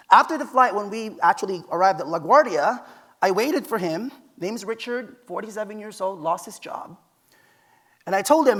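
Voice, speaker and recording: A man's voice: high voice, lively intonation, normal speed, fairly bright tone. A man giving a conference keynote from a stage, telling personal stories in a conversational, emphatic way. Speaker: keynote speaker.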